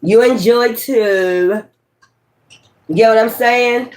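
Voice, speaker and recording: A woman's voice: fairly high pitch, slow pace, darkish tone. Blunt, profane woman tarot reader. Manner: repetitive, talks straight to viewers. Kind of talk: casual tarot reading chat.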